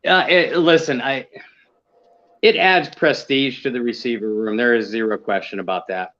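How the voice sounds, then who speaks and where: A man co-hosting a casual sports talk show, speaking in a measured, analytical way with many fillers. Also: medium pitch, fairly bright tone, muffled recording. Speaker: co-host.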